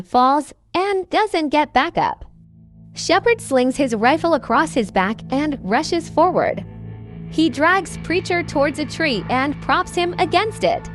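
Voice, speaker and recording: A woman narrating a scripted horror story in a slow, measured reading. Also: sits high.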